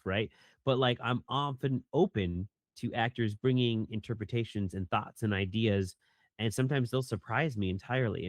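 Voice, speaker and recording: A man's voice: mid-range voice, no echo. A man, a voice director and actor, answering interview questions in a rambling, casual way with many fillers. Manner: rambling, many fillers, acts out line readings.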